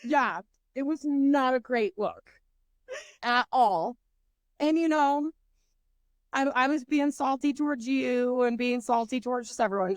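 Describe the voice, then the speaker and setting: Young woman, podcast co-host, swearing a lot, lively storytelling, fairly high voice, dry close sound. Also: no echo. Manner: profane, animated storytelling with lots of fillers. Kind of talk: casual storytelling chat.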